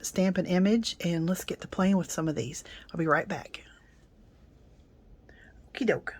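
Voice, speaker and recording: Casual middle-aged woman, lower-pitched and slow, chatty craft reviewer. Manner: chatty, many ums, soft asides. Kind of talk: casual unboxing demo.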